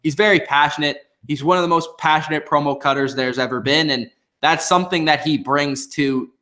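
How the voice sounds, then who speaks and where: A man gives a casual, opinionated recap of a wrestling episode. His voice sits a little high and he talks freely, with plenty of ums and restarts. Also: brisk, sharp tone. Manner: chatty, opinionated, many fillers and restarts. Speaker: wrestling show reviewer. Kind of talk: casual commentary.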